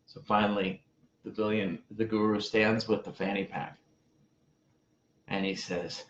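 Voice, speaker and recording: A relationship coach, a man with a lowish voice, tells a story slowly and deliberately, pausing often. His voice sounds roomy and slightly muffled. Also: steady tone, slight background noise. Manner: deliberate, with pauses and repeated phrases. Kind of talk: storytelling advice talk.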